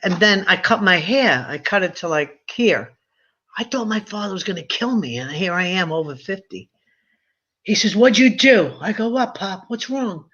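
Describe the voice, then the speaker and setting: A woman's voice: on the low side, expressive, normal speed, bright, forceful tone, husky. A woman in her seventies chatting casually, telling stories and putting on quoted voices. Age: 70s. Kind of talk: casual chat. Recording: dull lo-fi sound.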